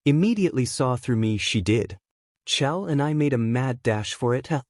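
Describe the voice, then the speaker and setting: A man's voice: medium pitch, expressive, normal speed, a little mellow, no room sound, studio quality, natural voice. A man reading as a bumbling, rambling robot sphere. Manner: chatty, self-mocking rambling. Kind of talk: fanfiction reading.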